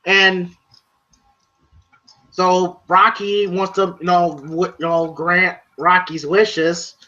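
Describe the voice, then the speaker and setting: A movie reviewer giving a casual spoken review, excitable and profane, retelling scenes in long run-on recaps. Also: mid-range voice, takes it slowly, lo-fi sound.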